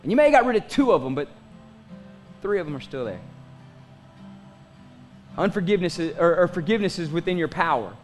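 A man's voice: fairly high pitch, expressive, fairly quick, long pauses, faint music behind. A pastor in his forties preaching a sermon in a conversational style, asking the congregation questions and making asides. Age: 40s.

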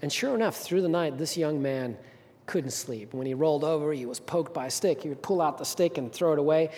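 A man preaching a sermon as pastor, telling a story with emphatic rises and soft drops. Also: fairly high pitch, brisk. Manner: storytelling, rising to emphatic peaks then dropping soft. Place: church sanctuary. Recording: reverberant hall.

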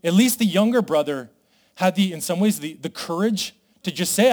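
High-voiced man preaching a lively sermon. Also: normal speed. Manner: animated, voices the brothers' complaints dramatically. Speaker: pastor.

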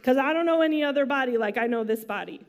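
A woman's voice: high-pitched, quick pace. A woman preaching a sermon in a casual, chatty way, using slang and asides. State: emotional, near tears. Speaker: pastor.

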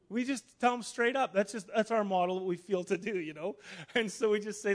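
A man with a fairly high voice preaches to his congregation. He is emphatic and animated, slipping into lively voices for the people in his stories. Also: a little fast. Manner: animated, emphatic, acts out Bible characters in quotes. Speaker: pastor. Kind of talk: sermon.

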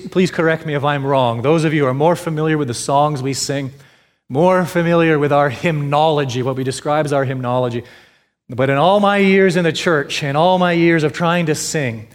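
A man preaching a sermon emphatically, repeating phrases and asking and answering his own questions, his voice swinging between loud stress and quiet drops. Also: a little high. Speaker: pastor. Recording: long hall reverb.

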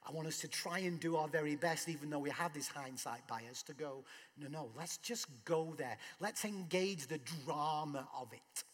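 A man's voice: on the high side, fairly bright tone, big-room sound. A man preaching a sermon in a conversational way, asking rhetorical questions. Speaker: pastor.

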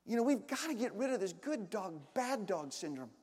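A male pastor with a strikingly high voice delivers a sermon, swinging from punchy, emphatic lines to hushed, confiding asides. His words ring out with the long reverb of a large hall, as if carried through a church sanctuary. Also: sing-song, moderate pace, few pauses, slight background noise. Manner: dynamic, swings between loud emphatic bursts and quiet asides.

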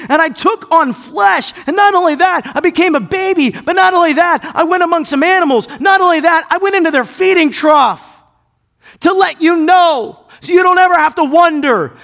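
A man's voice: very high-pitched, creaky, a bit bright, pitched above the performer's own voice, exaggerated voice. A man voicing God as a loving figure who pleads with humanity in ringing, impassioned declarations. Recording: long hall reverb.

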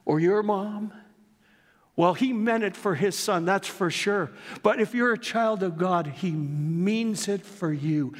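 A man's voice: high-pitched, slow, in a large hall. A male pastor delivering a sermon in an earnest, emphatic way, mixing scripture with personal stories. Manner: earnest, emphatic preaching with storytelling asides.

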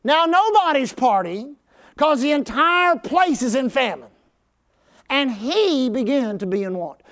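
A male pastor preaching a sermon, calling on the congregation to answer back and rising to shouts at the high points. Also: expressive, measured pace. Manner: call-and-response with the congregation; fervent, conversational preaching.

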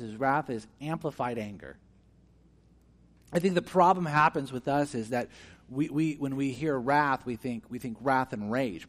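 A man delivering a sermon in a voice pitched a little above the usual male range. He moves between quiet, inward phrases and loud, emphatic ones. He puts questions to his congregation and acts out the voices he quotes. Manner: animated, swings between hushed and emphatic. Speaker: pastor. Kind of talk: preaching a sermon.

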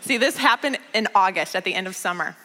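A woman's voice: mid-range voice, expressive, quick pace, pushed and bright, big-room sound. A woman pastor giving a conversational sermon, telling stories and repeating key lines for emphasis. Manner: storytelling, emphatic repetition.

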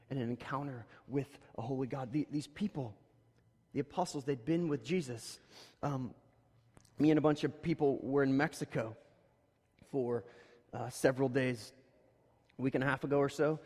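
Preacher with a light voice in a reverberant hall. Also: male voice, fairly high pitch. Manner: casual storytelling that rises to emphatic, louder points. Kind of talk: conversational sermon. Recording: long reverb of a large hall.

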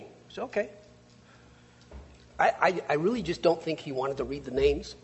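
A man preaching a sermon, reading scripture and then telling stories in a lively, conversational way. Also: on the high side, moderate pace, long pauses, slight background noise. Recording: long reverb of a large hall.

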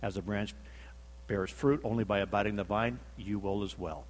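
A man's voice: lowish voice, normal speed, big-room sound, a little hiss or hum. A man preaching a sermon, telling the story dramatically, acting out the quotes and repeating himself for emphasis.

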